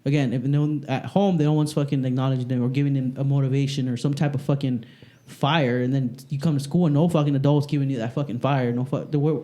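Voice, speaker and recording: A man chatting casually on a podcast, telling animated, profanity-laced stories about greeting kids at the school where he works. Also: medium pitch, fast talker, hardly any pauses. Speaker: podcast co-host; school staff working with kids. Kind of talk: casual chat.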